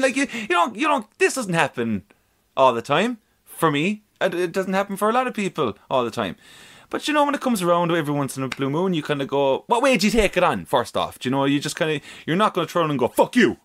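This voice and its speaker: Animated man telling a story. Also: a little high. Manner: animated storyteller, swears freely. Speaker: podcast co-host. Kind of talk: casual podcast chat.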